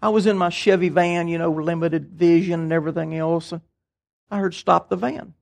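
Older man, gravelly voice, folksy animated sermon. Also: fairly high pitch, brisk. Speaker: pastor.

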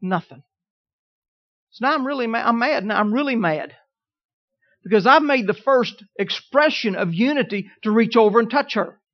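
A man preaching a sermon, telling a personal story in a folksy way, swinging from quiet asides to emphatic declarations. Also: very high-pitched, lively intonation, normal speed, pauses often, lo-fi sound. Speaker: pastor.

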